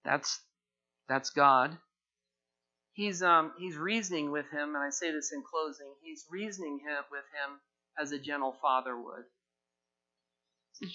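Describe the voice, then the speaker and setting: A man preaching a sermon, reading scripture aloud with emphasis and retelling the story in lively paraphrase. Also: a little high, normal speed. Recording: dull lo-fi recording.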